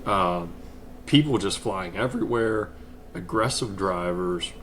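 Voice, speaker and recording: A man's voice: deep voice, unhurried, fairly bright tone, a little hiss or hum. A man hosting a casual podcast, easygoing and chatty, laughing along and telling long rambling stories. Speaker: podcast host.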